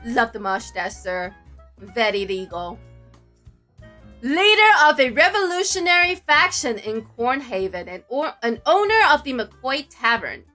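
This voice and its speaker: A woman streamer narrating a visual novel with playful, jokey, excitable asides. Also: fairly high pitch, a little slow, soft background music. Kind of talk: playful game commentary and narration.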